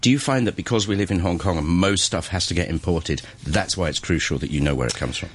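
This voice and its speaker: Deep-voiced male radio host. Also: fast talker, a little hiss or hum. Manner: chatty, asks guest questions. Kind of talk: casual radio chat. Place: radio studio.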